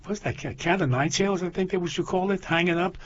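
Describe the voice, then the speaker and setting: A man's voice: high-pitched, fast talker, breathy edge. An older man in casual chat, rambling through stories with many restarts and laughing at his own jokes. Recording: dull lo-fi sound.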